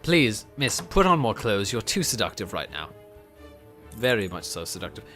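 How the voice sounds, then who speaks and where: A woman with an unusually deep voice that still rises and falls a lot. She is tipsy and rambles through a game stream, cursing casually as she talks to herself. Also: very animated, moderate pace, a bit bright, faint music behind. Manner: tipsy, swearing, talking to herself. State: drunk.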